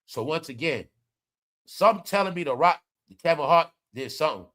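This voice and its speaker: A man giving animated, slangy casual commentary, often turning to his viewers. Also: fairly high pitch, brisk. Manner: animated, slangy, keeps addressing the audience. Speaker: commentary vlogger.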